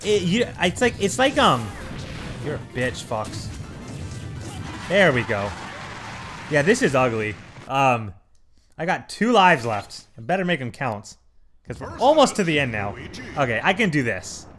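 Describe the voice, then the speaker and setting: High, animated gamer man ranting. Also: a little slow, pauses often, over music. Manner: frustrated, swearing, bursts of yelling. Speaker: let's play host. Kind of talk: casual gameplay commentary.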